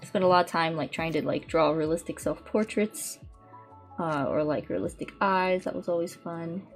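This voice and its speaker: A woman's voice: deep voice, normal speed, soft background music. A young woman streaming while she paints, rambling in casual chat with lots of fillers and restarts. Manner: rambling and chatty, many "like"s and restarts. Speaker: VTuber streamer.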